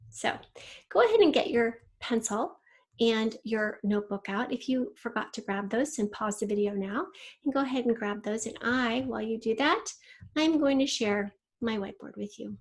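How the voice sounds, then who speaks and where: A woman teacher giving a recorded spelling lesson to young children, walking through each rule step by step and stretching out the words she wants spelled. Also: a little high. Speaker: third grade teacher.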